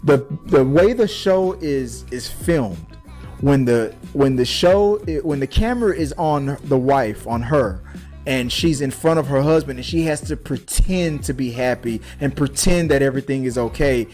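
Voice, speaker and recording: Excitable young man rambling casually. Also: mid-range voice, normal speed, soft background music. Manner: excited, rambling with many restarts. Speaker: podcast panelist. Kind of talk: casual chat. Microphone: webcam.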